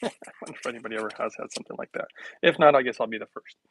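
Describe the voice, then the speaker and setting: A man hosting a casual health livestream, rambling and joking with viewers, laughing often while making a smoothie in his kitchen. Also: mid-range voice, racing, a bit bright, poor audio.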